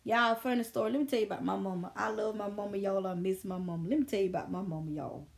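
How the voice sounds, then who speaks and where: A woman in her thirties talking to her viewers in a casual vlog, telling stories in an animated, emphatic way. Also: mid-range voice, quick pace, vocal fry. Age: 30s. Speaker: vlogger. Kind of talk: casual storytelling commentary.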